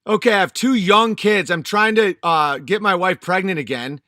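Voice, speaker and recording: A man's voice: high voice, moderate pace, sharp tone, dry recording, clean studio sound. A man in his thirties, a channel host, delivering an angry, profane and emphatic vlog monologue.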